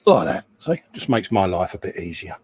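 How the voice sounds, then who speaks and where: Male host, relaxed jokey banter, slight hiss behind. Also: low-pitched, normal speed. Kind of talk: casual chat while model building.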